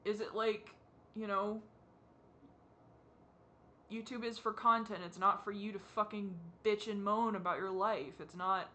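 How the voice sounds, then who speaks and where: A young adult vlogger crying while talking to the camera, asking halting, self-critical questions in a rambling way. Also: medium pitch, sharp tone. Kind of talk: confessional talk to camera.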